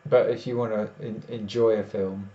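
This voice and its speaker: A man's voice: on the low side, flat delivery, normal speed, mellow. A tired man, rambling casually as he chats with viewers on a live stream. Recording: echoey room, dull lo-fi sound, faint noise.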